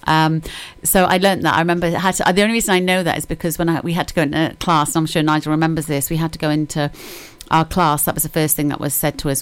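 A woman's voice: low-pitched, smooth, dry recording. A middle-aged woman hosting a radio chat show, chatty and giggly, often repeating her words. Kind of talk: casual chat.

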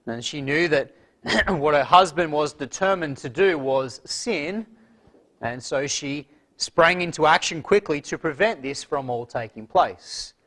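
A man preaching an evening sermon, reading scripture aloud and then expounding it in an earnest, measured way with frequent fillers. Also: fairly high pitch, fairly bright tone.

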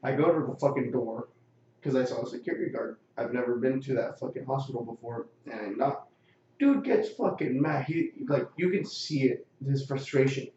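A man's voice: mid-range voice, normal speed, warm tone, slight background noise. A young man telling a profane story in casual chat, acting out quotes and laughing often. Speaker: podcast co-host telling a story. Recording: roomy, distant, dull lo-fi sound.

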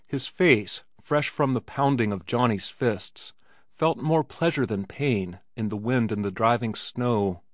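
A man reading a classic story as an audiobook narrator, measured and even. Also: mid-range voice, no room sound, studio quality. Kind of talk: scripted narration.

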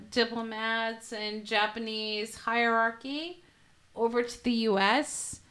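Woman, casual chatter at home; slow, bright, slightly high voice, playful. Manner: playful, mock-preachy praise chants, then earnest argument. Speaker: family member chatting at home. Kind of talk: casual chat.

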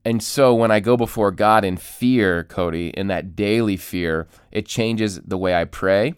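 A man's voice: fairly low pitch, measured pace, clean tone, dry recording, clean studio sound. A man hosting a podcast who teaches as a pastor, earnestly explaining with restarts.

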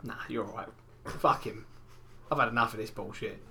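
A man's voice: on the low side, a little fast, vocal fry, slight background noise. A young man co-hosting a podcast, telling crude stories in casual banter with lots of swearing and acted quotes. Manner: profane, animated storytelling with acted quotes. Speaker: podcast co-host.

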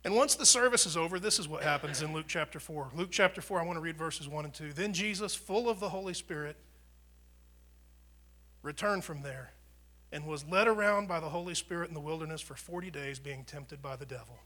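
Man, pastor, preaching a sermon, conversational, bold bursts and near whispers, lively high voice. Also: a little fast. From United States. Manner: dramatic swings from loud proclaiming to near whispers; conversational, repeats words and restarts often.

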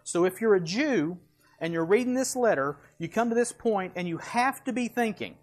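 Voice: mid-range voice, expressive, normal speed. A preacher giving a verse-by-verse sermon with slides, emphatic, asking rhetorical questions and answering them, with folksy asides.

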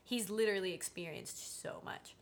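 A woman's voice: medium pitch, normal speed. Chatty woman on a podcast. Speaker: podcast guest, musician. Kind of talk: casual chat.

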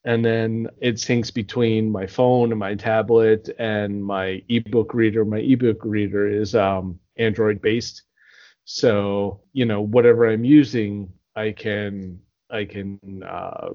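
A man's voice: on the low side, little pitch movement, slow pace. A man co-hosting a podcast, chatting casually, telling stories animatedly and swearing often. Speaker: podcast co-host. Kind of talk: casual chat. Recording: dull lo-fi sound.

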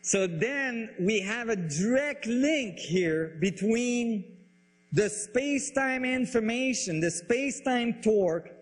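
A man explaining science ideas in a lecture style, halting and searching for words, with frequent restarts. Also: very high-pitched, animated, husky. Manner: enthusiastic about the ideas. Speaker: speaker on physics and biology.

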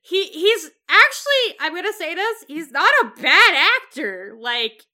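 A woman's voice: extremely high pitch, sing-song, a little slow, bright, forceful tone. A woman co-hosting a podcast in casual chat, reading listener questions in a laid-back way. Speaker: podcast co-host.

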